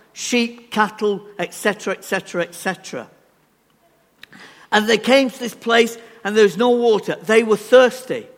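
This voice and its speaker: A man preaching a sermon in a church, animated and emphatic, asking rhetorical questions. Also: high-pitched. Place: church hall. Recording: reverberant church hall.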